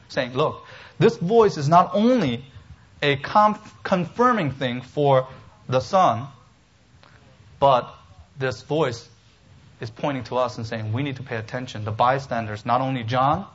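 A man preaching an expository sermon as pastor, emphatic and animated, with humorous asides. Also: medium pitch, muffled recording.

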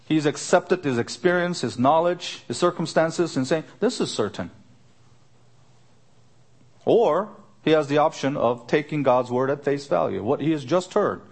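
A man preaching an expository sermon, earnest, lifting his voice to stress a point and repeating his questions. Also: unhurried. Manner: earnest, rising pitch for emphasis, repeats questions. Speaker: pastor.

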